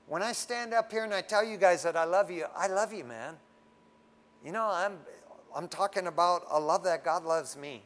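A man's voice: high-pitched, moderate pace, fairly bright tone. A man preaching a casual sermon to a congregation, frank and folksy, often tagging his lines with "man.". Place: standing before a congregation.

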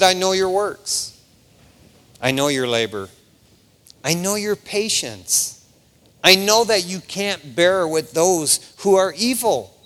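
A middle-aged man preaching a sermon as pastor, animated and casual, acting out the voices he quotes. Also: high voice, big-room sound.

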